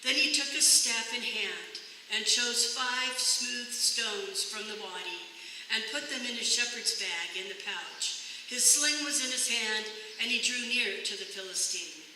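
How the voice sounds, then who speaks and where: A reader takes a long scripture passage at a steady, measured pace in a bright voice. The sound comes from a distance in a reverberant church hall, with a faint hiss behind it. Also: medium pitch. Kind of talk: reading scripture aloud. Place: church sanctuary. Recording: echoey church hall from afar.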